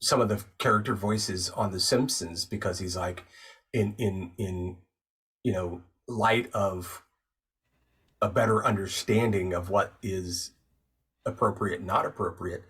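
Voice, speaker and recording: A man who works as a voice actor and narrator, a guest on the show, calmly and thoughtfully explaining his craft step by step in casual conversation. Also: deep voice, a little slow, husky, recorded from a distance. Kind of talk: casual interview chat.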